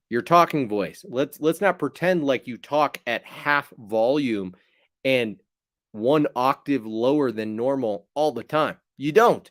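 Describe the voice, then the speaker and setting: A man talks casually to his viewers, rambling along with plenty of fillers and ribbing one of them. His voice is mid-pitched and the sound is dry and close, with no room around it. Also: takes it slowly, dry recording. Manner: rambling, chatty, teasing a viewer. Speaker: channel host. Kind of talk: casual livestream chat.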